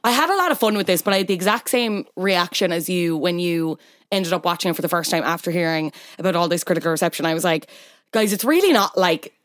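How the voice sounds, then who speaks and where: A woman hosting a podcast, chatty and animated as she retells things. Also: lowish voice, fast talker, no echo, studio quality. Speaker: podcast host. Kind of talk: casual chat.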